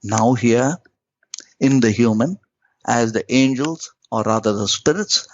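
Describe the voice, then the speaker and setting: A man teaching spirituality as a podcast guest, in lyrical, emphatic phrases with big swoops of pitch. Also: a little hiss or hum. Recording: dull lo-fi audio.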